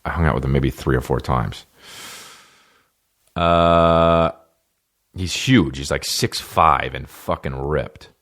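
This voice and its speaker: A middle-aged man talks loosely into his podcast, swearing freely and doubling back on himself mid-sentence. His voice sits very low. The talk wanders from one tangent to the next in an offhand, casual way. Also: slow, long pauses, a bit bright. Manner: profane, loose, restarts and tangents. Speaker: podcast host. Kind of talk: casual rambling monologue.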